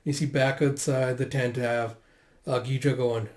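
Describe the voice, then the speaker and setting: A man's voice: medium pitch, little pitch movement, measured pace, echoey room. A man casually reading through a manga aloud, narrating the scenes with lots of fillers and hiccuping now and then. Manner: reads all dialogue aloud in raised voices, filler-heavy. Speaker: manga readthrough host.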